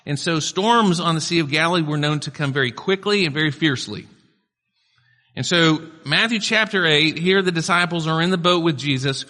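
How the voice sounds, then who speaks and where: A man's voice: on the high side, fairly quick, bright, forceful tone. A male pastor preaching a sermon in a conversational style, with casual asides to the congregation. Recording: long hall reverb.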